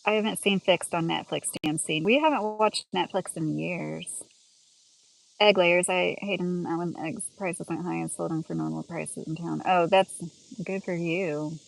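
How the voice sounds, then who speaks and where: Woman chatting on a phone livestream in her garden, kinda low voice, says "like" a lot, bugs chirping in the background. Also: normal speed, gravelly, poor audio. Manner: chatty and rambling, lots of "like" and laughs. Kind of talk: casual livestream chat. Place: home and outdoor garden.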